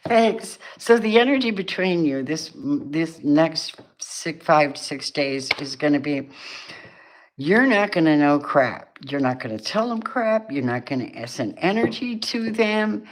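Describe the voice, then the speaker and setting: A woman's voice: fairly low pitch, animated, slow pace. A middle-aged woman doing a casual, chatty tarot reading, laughing often and acting out the people she sees in the cards. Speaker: tarot reader.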